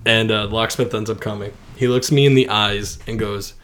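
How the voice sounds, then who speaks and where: A man's voice: lowish voice, moderate pace. A young man telling a story with lots of laughs on a casual podcast. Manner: animated, laughs often, lots of "like" and "dude". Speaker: podcast co-host.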